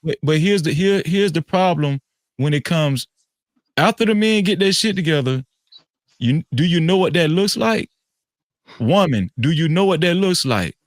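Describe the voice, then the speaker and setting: A man on a podcast panel, lecturing and swinging from low murmurs to shouts. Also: lively intonation, moderate pace, no room sound, clean studio sound. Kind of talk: heated panel talk. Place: live-stream podcast studio.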